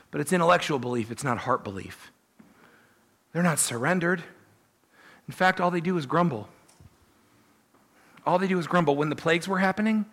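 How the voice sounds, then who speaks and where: A man preaching a sermon, telling the story in an animated way and voicing the people he quotes. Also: high voice. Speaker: pastor.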